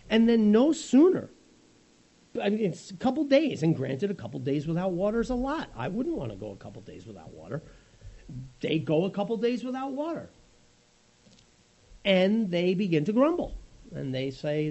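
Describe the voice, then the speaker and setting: A middle-aged male preacher tells the story with animated, conversational energy. His pitch sits fairly high and leaps about, and his tone is mellow with a husky grain. The recording is slightly muffled. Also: moderate pace. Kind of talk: sermon.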